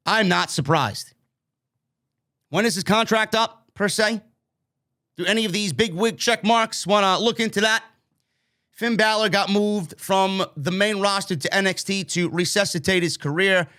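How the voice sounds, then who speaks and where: High, bright-voiced ranting man. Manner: ranting, profane, emphatic. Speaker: podcast host. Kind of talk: wrestling news commentary rant.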